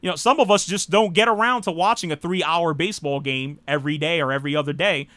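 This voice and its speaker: Brief: American male talk host, high bright voice, dry close sound, rambling and blunt. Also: fast talker, no echo. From United States. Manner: rambling, frequent "you know", blunt and irreverent. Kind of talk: casual live political talk.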